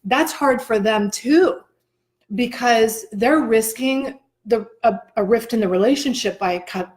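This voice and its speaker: A woman's voice: a little high, a little slow, a little mellow. A woman co-hosting a casual motivational chat, earnest and encouraging, acting out the voices she quotes. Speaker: co-host, coach.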